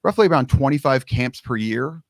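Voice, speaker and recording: A man's voice: medium pitch, moderate pace, no echo. A middle-aged man telling his story with plenty of animation, his voice jumping around as he acts out the conversations. The sound is close and dry, with no room around it. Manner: lively storyteller who acts out quoted dialogue. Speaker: guest, long snapping coach. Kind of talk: casual storytelling interview.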